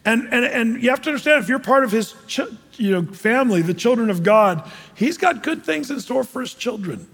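A man's voice: very high-pitched, expressive, brisk, a bit bright. A male pastor preaching in a conversational way, putting questions to the audience between fillers. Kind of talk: sermon. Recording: long hall reverb.

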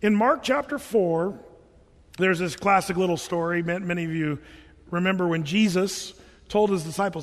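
A male pastor delivers a sermon in a relaxed, conversational manner, stumbling and restarting as he goes. His voice sits high for a man. A long reverb trails each phrase, as if recorded in a large hall. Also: moderate pace. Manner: casual, chatty preaching with many restarts.

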